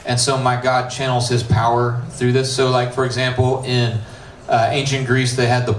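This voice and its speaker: A man's voice: medium pitch, level tone, normal speed. A man with an American accent, a middle school pastor preaching a casual youth sermon, reading scripture and joking with slangy asides. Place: church youth room. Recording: roomy, distant, faint hiss.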